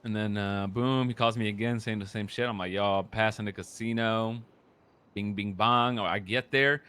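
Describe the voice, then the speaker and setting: A man casually retelling a roleplay story, animated and profane, acting out the other people's lines in a low mutter. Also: moderate pace, smooth. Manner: animated, profane, acts out quotes in a lower mutter.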